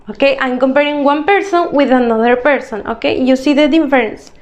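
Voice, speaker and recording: Speaking briskly with few pauses, a high-voiced woman teaches English in a recorded grade-school grammar lesson. She explains patiently, step by step, frequently asking "okay?"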